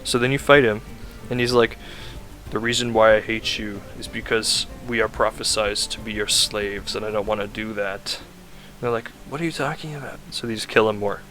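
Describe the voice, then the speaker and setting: Bright-voiced rambling young man. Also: fairly low pitch, steady tone, normal speed, faint music behind. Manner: rambling, full of "like" fillers, self-correcting. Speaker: video game reviewer. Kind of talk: casual rambling plot recap.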